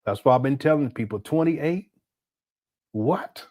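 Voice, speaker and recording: A man's voice: medium pitch, expressive, unhurried, a little mellow. A man in his late forties hosting a casual reaction commentary, mocking and laughing as he talks. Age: 40s. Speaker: commentary host.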